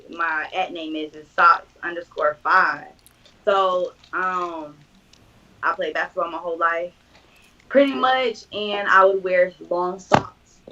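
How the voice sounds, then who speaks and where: Bright-voiced young woman, distant dull mic. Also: fairly low pitch. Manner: animated storytelling, acting out quoted voices. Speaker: podcast guest. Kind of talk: casual chat.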